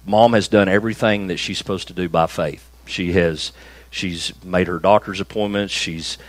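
Low-voiced pastor preaching. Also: male voice, steady tone, no echo, rough recording. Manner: conversational preaching, slow emphatic stresses on key phrases. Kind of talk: sermon. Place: small church room, also streamed.

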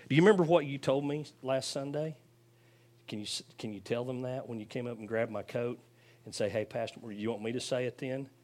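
A middle-aged male pastor, speaking from a church platform into a handheld mic in a folksy, rambling way with restarts and chuckles. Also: lowish voice. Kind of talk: casual church talk before baptisms. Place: church sanctuary. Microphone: handheld microphone.

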